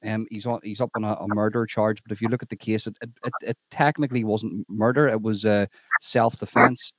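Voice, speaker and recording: A man's voice: lowish voice, fairly even intonation, brisk, dry recording. A man hosting a podcast interview who talks in an emphatic, opinionated way and repeats himself when he stresses a point. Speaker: podcast host. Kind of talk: conversational interview.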